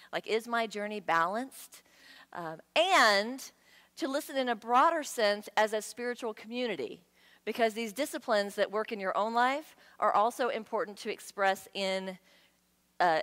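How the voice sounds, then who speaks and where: A woman giving a sermon in a conversational, playful way, with lively asides to the congregation. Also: fairly high pitch. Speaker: guest speaker. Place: church sanctuary. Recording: long hall reverb.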